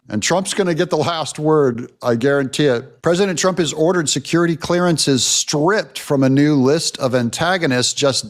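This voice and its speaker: Male commentary host, mid-range voice, alternates reading articles with sarcastic opinion. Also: mid-range voice. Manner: opinionated, sarcastic asides between read passages. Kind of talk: reading news aloud with commentary.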